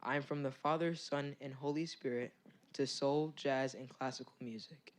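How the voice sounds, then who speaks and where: A teenage boy, a high school student, reads his own poem at a school board meeting, starting shy. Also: steady tone, moderate pace. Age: teens. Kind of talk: poetry reading.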